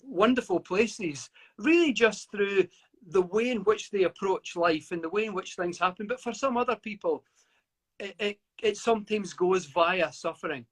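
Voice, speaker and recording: A man's voice: sits high, expressive, moderate pace, fairly bright tone, slightly rough. A middle-aged man from the UK, a guest author reflecting at length in an interview, often stammering and restarting. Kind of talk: interview over a live video call.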